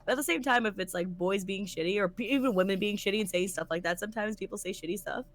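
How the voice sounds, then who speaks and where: Fast and mid-range, this woman co-hosts a podcast, chatting casually with blunt, animated energy and swearing freely.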